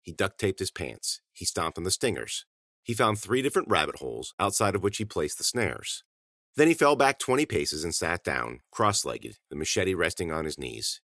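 Deep-voiced man narrating an audiobook. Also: moderate pace, no echo, clean studio sound. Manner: animated, clipped sentences.

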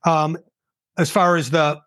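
Lively older man telling a story. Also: a little high, slow, dry recording, clean studio sound. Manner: animated, acts out quoted dialogue. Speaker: guest, entrepreneur. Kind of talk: casual interview storytelling.

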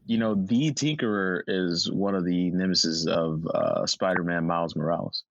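A man's voice: low voice, moderate pace, gravelly, fairly bright tone, no echo, highs cut off. A man co-hosting a casual podcast roundtable, joking around and riffing off topic. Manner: goofy, jokey, riffs and goes off topic. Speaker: podcast co-host.

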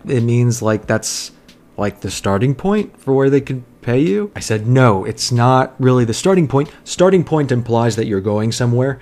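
A young man narrates his own personal essay at an even, mid-range pitch. He sounds reflective and earnest, stumbling over a word now and then. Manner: reflective, earnest, with small restarts.

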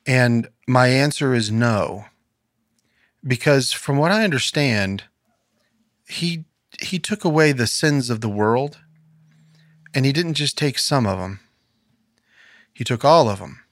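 A man's voice: medium pitch, animated, slow, long pauses, no room sound, studio quality. A man co-hosting a casual faith podcast, talking earnestly and quoting scripture in a preacherly way. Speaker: podcast co-host. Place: podcast studio.

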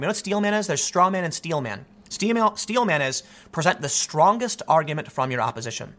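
Bright, fast-arguing male commentator. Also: a little high. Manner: animated, argumentative, with frequent restarts. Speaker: political commentator. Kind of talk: opinionated monologue commentary.

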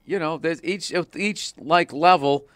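Speaking unhurriedly in a slightly high, fairly bright voice, the Boston comedian rambles through anecdotes full of fillers and swearing during a casual chat. The recording is dry, with clean studio sound.

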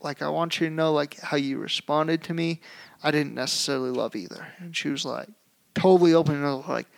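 Young male podcast co-host, gravelly, slightly high, animated storyteller. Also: a little fast. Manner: animated storytelling, acts out shouting. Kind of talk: casual chat.

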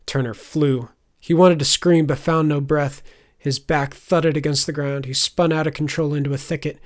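A man narrating a fantasy audiobook in a measured, scripted way, turning soft and low in reflective passages. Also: fairly even intonation.

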